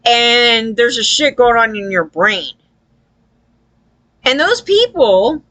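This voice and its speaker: Bright-voiced woman ranting casually. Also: on the high side. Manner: loose, profane, repeats "right?"; acts out quoted people. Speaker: vlogger. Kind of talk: casual opinion rant.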